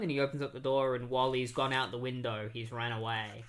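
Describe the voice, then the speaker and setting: A man's voice: medium pitch, level tone, brisk. A man casually recapping comic issues on a podcast, rambling with many fillers and restarts. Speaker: podcast host.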